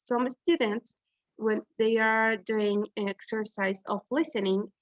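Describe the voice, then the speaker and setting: Slow, hesitant woman presenting a lesson. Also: fairly high pitch, steady tone, no echo. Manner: hesitant, many "uh" fillers and restarts. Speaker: student presenter. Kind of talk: class presentation on pronunciation. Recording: dull, dry lo-fi recording.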